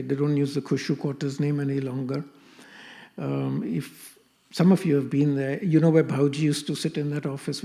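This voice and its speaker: Gravelly older man telling stories. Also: on the high side, mellow. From Pakistan. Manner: anecdotal, acts out quoted dialogue. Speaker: speaker at a spiritual gathering. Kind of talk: storytelling talk.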